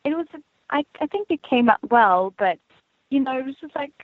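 Chatty actress on a tinny phone line. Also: female voice, high voice, expressive, a little fast, no room sound. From South Africa. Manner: chatty, laughs often, restarts mid-sentence. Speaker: actress guest. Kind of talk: casual interview chat.

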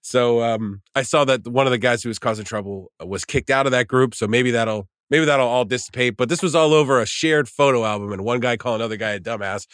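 A man's voice: medium pitch, brisk, few pauses, a bit bright, no echo, clean studio sound. A man co-hosting a casual podcast chat, telling long rambling stories and swearing freely. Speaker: podcast co-host.

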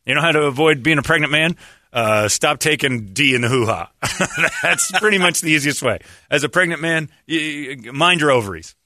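A man's voice: moderate pace, no echo, clean studio sound. A man hosting a radio show, chatting and joking with a laugh and slipping into mocking quoted voices. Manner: animated, laughing, jumps into mocking high-pitched quoted voices. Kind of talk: casual comedic talk radio banter.

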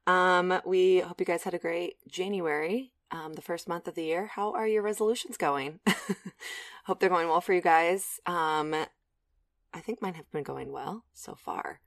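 A woman's voice: on the low side, unhurried, dry recording, studio quality. Chatty young woman co-hosting a podcast. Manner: chatty, laughs often, filler-heavy. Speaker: podcast co-host. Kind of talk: casual chat.

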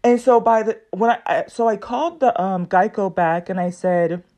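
A woman hosting her own podcast, telling a long story in a casual, animated way and acting out what other people said. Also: medium pitch, normal speed. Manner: animated, acts out other people's lines in quoted voices. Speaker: podcast host.

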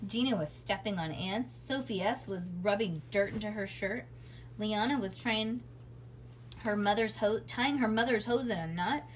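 A woman reading a children's chapter book aloud in animated storybook style. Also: medium pitch, moderate pace, a little hiss or hum.

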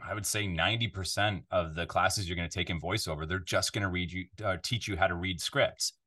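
A man from Canada with a fairly low voice talks casually as a podcast guest. He rambles, restarts his sentences and grows animated when he tells stories. He records from the control room of his home studio. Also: a little fast. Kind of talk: casual interview chat.

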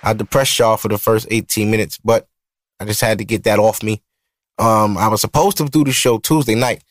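A man's voice: on the low side, fairly even intonation, fairly quick, no echo, clean studio sound. A man in his thirties with a Brooklyn accent, hosting a podcast in casual, profane, rambling talk. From Brooklyn, New York. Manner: loose and profane, rambling storytelling. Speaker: podcast host. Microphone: studio mic.

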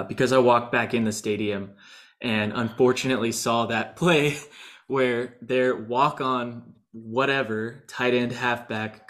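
A man co-hosting a casual sports podcast, telling a fan anecdote in a lively way. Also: mid-range voice. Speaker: podcast co-host.

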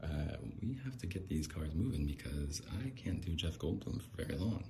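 A man doing an impression of a quirky, halting middle-aged male celebrity who stammers and trails off. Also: rumbling low, animated, vocal fry, a little mellow, a little hiss or hum, heavily acted. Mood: musing.

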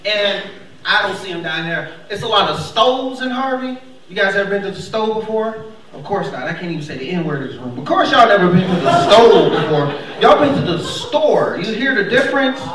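Animated high-voiced man doing stand-up. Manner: animated, acts out characters with big pitch jumps. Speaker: stand-up comedian. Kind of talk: stand-up comedy set. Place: comedy club stage before a laughing crowd. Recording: echoey club audio, mic far off, crowd laughing. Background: audience laughter.

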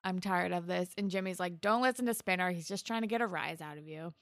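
A woman's voice: quick pace, no room sound, clean studio sound. A young woman co-hosting a podcast, casually recapping a TV episode and animatedly acting out quotes. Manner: animated, jumps to high pitch when quoting. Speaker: podcast co-host.

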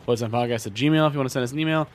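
A man co-hosting a casual comedy podcast, talking in an offhand, halting way with lots of filler words. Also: mid-range voice. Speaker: podcast co-host.

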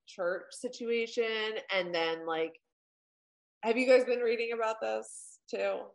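A woman's voice: a little high, fairly even intonation, takes it slowly, creaky, rough recording. A woman co-hosting a podcast in casual chat, rambling with many fillers and swearing. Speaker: podcast co-host.

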